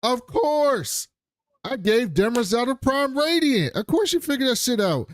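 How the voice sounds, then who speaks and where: A man doing a shrill, exasperated old sage. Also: sing-song, a little slow, no echo, exaggerated voice.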